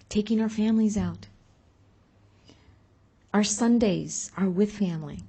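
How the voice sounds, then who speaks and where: A woman with a husky, slightly breathy voice speaks to an audience in a public talk. She moves between earnest points and animated storytelling, acting out the people she quotes. She is of Mexican heritage. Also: mid-range voice. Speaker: speaker on community advocacy.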